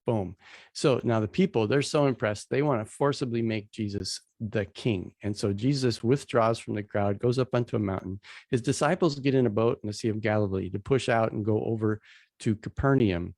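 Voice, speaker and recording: Guy with a gravelly voice walking thru bible slides, chatty and relaxed, dry close sound. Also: on the low side, moderate pace, dry recording. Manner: conversational, retells scenes in plain everyday slang. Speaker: Bible teacher. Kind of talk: casual teaching walkthrough of slides.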